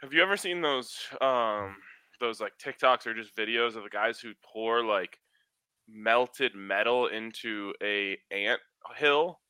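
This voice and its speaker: A man's voice: fairly low pitch, measured pace, pushed and bright, clean tone, dry recording. A man hosting a casual sports podcast, joking and trash-talking as he runs through betting picks. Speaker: podcast host giving hockey betting picks.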